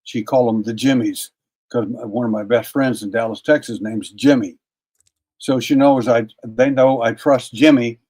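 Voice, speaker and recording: An older man, a guest on an interview, telling a long personal story in a folksy, casual way, often repeating words and clearing his throat. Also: mid-range voice, fairly even intonation, moderate pace, darkish tone. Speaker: interview guest, paranormal investigator.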